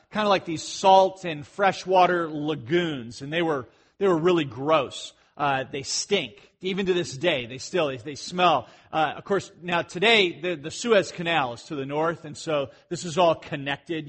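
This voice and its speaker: A middle-aged pastor leads an expository Bible study in a slightly higher-than-usual, a bit bright voice. His style is loose and conversational, full of fillers and restarted phrases, and he often poses questions to the listeners.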